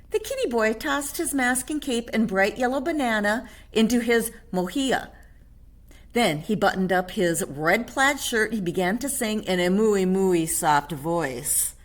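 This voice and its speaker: A woman reading a picture book aloud to a child on camera, animated, with chatty whispered asides. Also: mid-range voice, a little slow.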